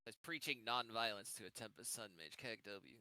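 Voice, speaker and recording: Animated player arguing his case, noisy mic. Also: lowish voice, brisk. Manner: argumentative, explains character reasoning, swears. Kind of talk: tabletop game chat.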